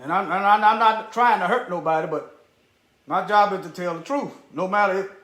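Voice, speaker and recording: A man with a very high, bright, sharp-edged voice gives preachy commentary straight to his viewers. He hammers points home by repeating short phrases and drops into muttered asides while hunting for things on screen. The sound bounces around a roomy, echoey space. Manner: repeats phrases for emphasis, talks directly to viewers.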